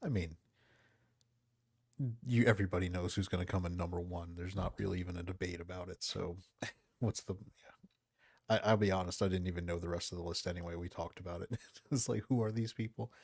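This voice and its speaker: A man hosting a casual podcast, talking in a soft, calm, low-key voice into a close microphone. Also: a little fast, no room sound. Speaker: podcast host. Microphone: close studio mic.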